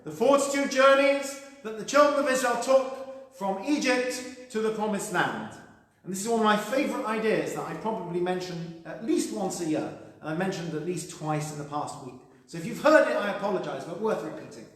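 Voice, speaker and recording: A man delivers a sermon in a fairly high, conversational voice with a dry sense of humour. His words ring out through a hall with a long, echoing tail. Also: expressive, fairly quick, a bit bright. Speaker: rabbi. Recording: echoey hall with long reverb.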